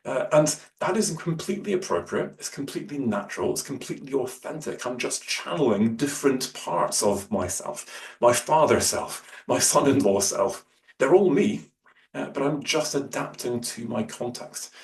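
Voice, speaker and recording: A man giving a workshop talk on public speaking, with many fillers and restarts, who shifts his loudness and pace. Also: mid-range voice, expressive, normal speed, creaky. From Scotland. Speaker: lecturer. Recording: roomy, distant mic, faint hum.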